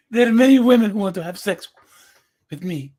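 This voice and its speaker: A man's voice: high-pitched, animated, warm tone, pitched above the performer's own voice. A man voicing a mocking impression of a young foreign man with a Turkish accent, insisting he is a virgin. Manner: mocking, exaggerated, slow.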